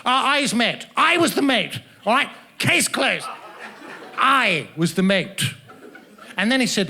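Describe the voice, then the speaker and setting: Pompous, high-voiced man teasing a crowd. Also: expressive, normal speed, pushed and bright. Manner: pompous, florid, mock-formal and teasing. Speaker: stand-up comedian. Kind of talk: stand-up comedy with crowd work. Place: comedy festival stage. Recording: noisy live audience laughter.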